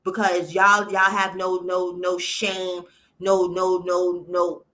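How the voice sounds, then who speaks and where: A woman's voice: fairly low pitch, level tone, slow, sharp tone. A woman hosting a livestream, ranting bluntly to her viewers in casual, profane reaction commentary. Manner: indignant ranting. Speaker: livestream host.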